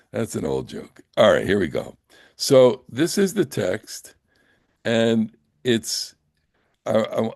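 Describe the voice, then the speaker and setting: An older man teaching a Bible class. He reads Hebrew verses slowly, translates them, and talks in a halting way with many fillers and restarts. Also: fairly low pitch, a little mellow, dry recording, studio quality. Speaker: Torah teacher.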